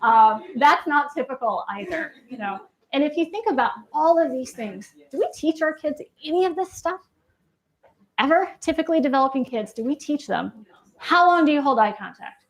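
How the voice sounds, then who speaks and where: With a high, animated voice at normal speed, a female clinician delivers a live lecture on a university campus. She chats with the room, asks frequent questions, and tags her points with "right?"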